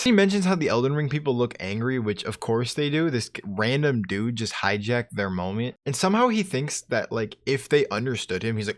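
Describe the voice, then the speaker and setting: A man's voice: medium pitch, big pitch swings, a little fast, few pauses, dry recording, studio quality. A man doing reaction commentary on a clip, incredulous and mocking. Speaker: commentary youtuber.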